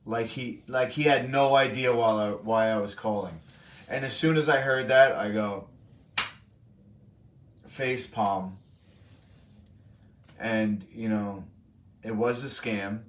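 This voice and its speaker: A young man with a fairly low voice hosts a live stream and tells a long story to his chat. He rambles, swears freely and keeps correcting himself mid-sentence. He sits back from the mic in a roomy, echoing space. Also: slow pace, long pauses, far from the mic, slight background noise. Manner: rambling, profane, self-correcting. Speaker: streamer host.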